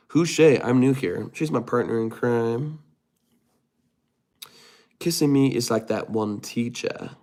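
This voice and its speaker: A young man hosting a casual livestream, reading viewer comments aloud and answering them with quick, joking asides. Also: medium pitch, animated, warm tone. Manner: playful, jokey, talks fast with quick asides. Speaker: livestream host.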